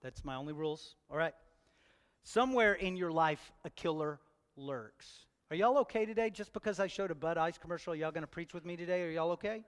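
A man's voice: fairly high pitch, fast talker, smooth. A pastor, preaching a sermon and joking with his congregation, asking them question after question. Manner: playful, talks straight to the congregation with questions. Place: church hall. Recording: long church hall reverb.

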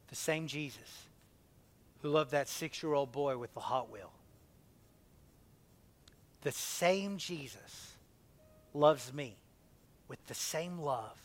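A man in his forties preaching a sermon, impassioned, swinging between loud emphasis and a hushed near-whisper. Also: medium pitch. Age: 40s.

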